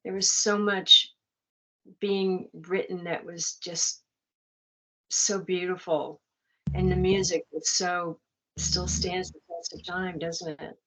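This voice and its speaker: A woman's voice: lowish voice, level tone, slow pace, sharp tone. An older woman, a guest in a casual chat, telling anecdotes with laughter. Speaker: interview guest. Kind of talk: casual storytelling.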